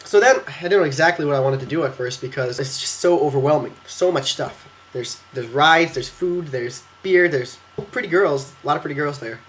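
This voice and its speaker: Teenage boy, vlogger, rapid excitable storytelling, silly quote voices, computer webcam mic, at home. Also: on the high side, a little hiss or hum. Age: teens. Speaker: exchange student vlogger. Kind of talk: casual storytelling vlog.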